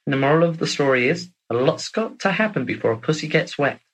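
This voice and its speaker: A man's voice: on the high side, lively intonation, fast, rough recording. A man hosting a session, telling a long joke in a casual, chatty way. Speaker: host.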